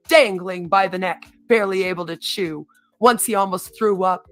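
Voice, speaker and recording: A woman's voice: lowish voice, moderate pace, fairly bright tone, soft background music. A woman reading a story aloud on a stream, in a theatrical manner, sometimes breaking off to comment on her own reading.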